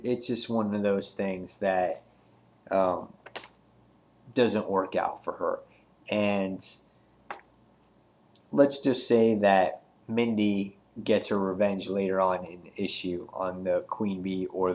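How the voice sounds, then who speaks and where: A man with a fairly low voice talks through a comic book issue in a loose, casual way. He rambles and restarts often and fills the pauses with ums. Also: darkish tone. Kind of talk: casual spoken review.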